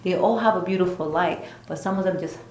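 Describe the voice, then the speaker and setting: A woman's voice: on the low side, quick pace, a little mellow, reverberant, a little hiss or hum, low-quality recording. An older woman and spiritual teacher, speaking earnestly and emphatically in a casual interview, often repeating her phrases. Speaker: spiritual teacher and retreat leader.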